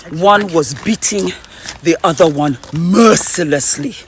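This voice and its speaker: A woman's voice: on the low side, a little slow. Woman, out of breath, stammering, repeating words, phone vlog while walking, faint background hiss. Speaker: vlogger. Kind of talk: excited storytelling to camera. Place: walking outdoors on the way home.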